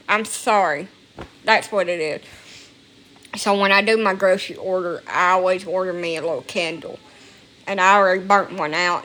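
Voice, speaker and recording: A woman's voice: lowish voice, pushed and bright. A woman talking casually into a phone at home, rambling and emotional, with frequent swearing. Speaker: vlogger. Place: at home, indoors.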